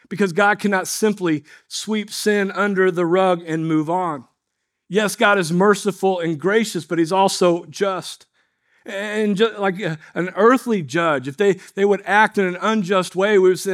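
A high-voiced man preaches in an earnest, measured way. He works through his points as a pastor, pausing on rhetorical questions to draw his listeners along. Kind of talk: sermon.

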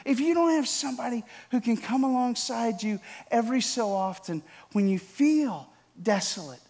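Man, pastor, sermon, high voice, hushed repetitions swelling into loud emphasis. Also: animated. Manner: swings from hushed, slow repetition to loud emphatic build-ups; addresses congregation members by name.

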